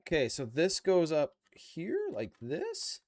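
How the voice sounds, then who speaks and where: A man's voice: on the high side, huge pitch swings, takes it slowly, darkish tone. A Canadian man with a Canadian accent, casually chatting and bantering with his viewers while building a model kit on a live stream. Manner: chatty, playful banter with chat.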